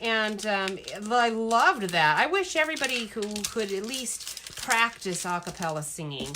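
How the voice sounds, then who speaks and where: A woman's voice: medium pitch, big pitch swings, measured pace, background noise. A middle-aged woman chatting casually as she makes a greeting card, rambling and talking to herself as she works. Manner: chatty, rambling, self-talk while working. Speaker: card-making crafter. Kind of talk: casual crafting demo chat. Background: paper crinkling and stamp clicks.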